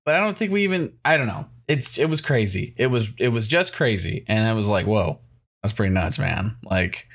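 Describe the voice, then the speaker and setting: A man's voice: mid-range voice, big pitch swings, a little fast, few pauses, fairly bright tone. A man co-hosting a podcast, talking loosely and enthusiastically, with lots of "you know" and "like". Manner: laid-back and enthusiastic, loose filler words. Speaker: podcast co-host. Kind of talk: casual podcast chat.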